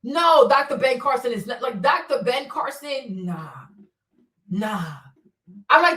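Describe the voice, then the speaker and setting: A woman with a high voice gives loose, profane livestream commentary that swings from loud outbursts to low mutters. She sits a little back from the mic, and the room around her is roomy and echoey. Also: lively intonation, a little slow, distant mic. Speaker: livestream host. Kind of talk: casual unscripted commentary. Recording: roomy echo, voice a bit off-mic.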